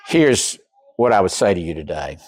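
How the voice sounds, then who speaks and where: A man preaching a sermon, acting out quoted voices and dropping from loud to near whisper. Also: sits low, sing-song, moderate pace, no echo. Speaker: pastor.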